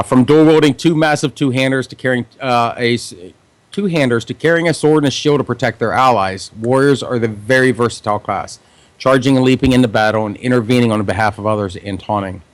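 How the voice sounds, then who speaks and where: A man co-hosting a podcast, reading game lore in a low, measured voice with casual asides. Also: dry recording. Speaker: podcast co-host.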